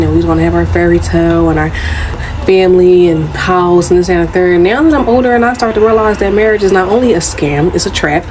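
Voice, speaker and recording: A woman's voice: lowish voice, a little mellow, a little hiss or hum. A woman giving a candid personal reflection and frankly listing her complaints.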